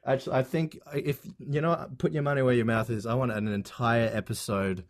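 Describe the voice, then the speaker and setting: A young man with a middle-of-the-road pitch chats as a podcast guest. He is relaxed and jokes with the host, laughing easily. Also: a little fast. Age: young adult. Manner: laid-back, joking, laughs easily. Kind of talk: casual comedic chat.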